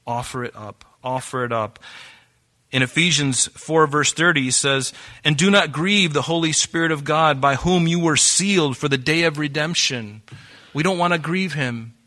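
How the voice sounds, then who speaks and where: A man preaching a sermon as pastor, animated and acting out quoted voices. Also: a little high, normal speed.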